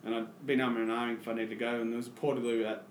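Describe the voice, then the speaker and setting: Australian guy, podcast guest, lively storyteller in an echoey room, mid pitch. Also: rapid-fire, a little hiss or hum. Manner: animated, acts out his own past lines. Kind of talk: casual storytelling chat.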